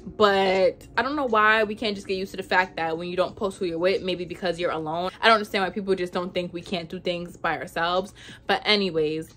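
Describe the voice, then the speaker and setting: A young woman vlogger telling a storytime in casual, animated chat, full of "like". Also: fairly low pitch, fairly quick. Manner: chatty, animated, says "like" a lot.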